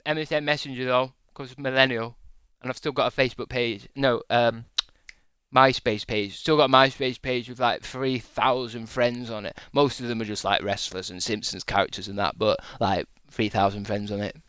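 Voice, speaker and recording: A man's voice: medium pitch, little pitch movement, moderate pace, fairly bright tone, smooth, no echo. A man in his thirties, a streamer chatting casually and rambling through profane jokes, often laughing at his own gags. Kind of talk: casual chat to a live stream.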